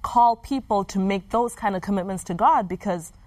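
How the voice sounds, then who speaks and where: A woman's voice: mid-range voice, moderate pace, mellow, no room sound. A woman, a mother, speaking as a podcast co-host in an earnest, reflective way. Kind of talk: casual chat.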